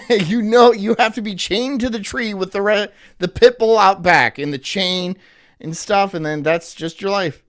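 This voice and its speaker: Male streamer, casual live commentary, rambling, sardonic, slightly high voice. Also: a little slow, fairly bright tone. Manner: rambling, sardonic, laughs at his own jokes.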